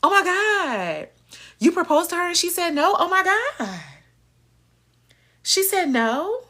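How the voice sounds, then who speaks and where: A woman's voice: very high-pitched, sing-song, takes it slowly, bright, forceful tone, pitched above the performer's own voice, heavily acted. A woman putting on the voice of a breezy young woman who plays oblivious, gushing with sing-song sympathy. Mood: fake sympathy.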